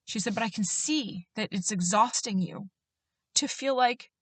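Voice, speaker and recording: A woman host telling a personal faith story in an earnest way, getting animated when she quotes others and laughing at herself. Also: medium pitch, measured pace, slightly rough, no echo. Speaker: podcast host.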